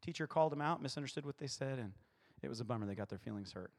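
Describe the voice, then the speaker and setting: A man's voice: mid-range voice, expressive, very fast, big-room sound. A male pastor preaching a playful sermon, acting out short voices in his stories.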